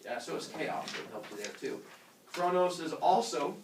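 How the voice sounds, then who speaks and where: A man's voice: on the high side, moderate pace, a little hiss or hum. A man teaching a classroom lesson, joking and acting out voices as he explains. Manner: animated, jokey, acts out voices. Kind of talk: classroom lecture. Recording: roomy classroom audio from far off.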